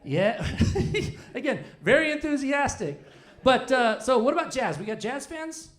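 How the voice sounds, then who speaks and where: A stand-up comedian in his forties works the room from a club stage. He is a man who rambles and restarts, makes fun of himself, and his pitch swings up and down. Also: very animated, unhurried, fairly bright tone. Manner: rambling, self-deprecating, many restarts.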